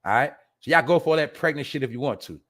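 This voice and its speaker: A man hosting a podcast, giving animated, profane casual commentary in with laughing asides. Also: on the high side, fast. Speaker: podcast host.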